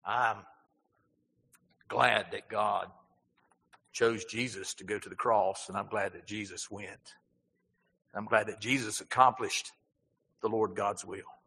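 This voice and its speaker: Male pastor, bright forceful tone, preaching with rhetorical questions, big hall reverb. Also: fairly low pitch. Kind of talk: sermon.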